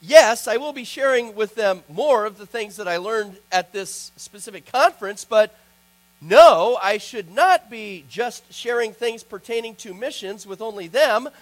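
High-pitched pastor preaching, earnest, gets emphatic, faint hum in the background. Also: male voice, rough recording. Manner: earnest, builds to emphatic peaks. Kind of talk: sermon.

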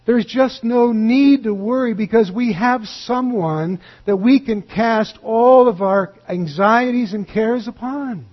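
A man with a high, husky voice preaches a sermon in an earnest pastoral manner. His stories come out animated, and he drops to a hushed tone when he closes. The recording sounds slightly dull. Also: slow pace, few pauses.

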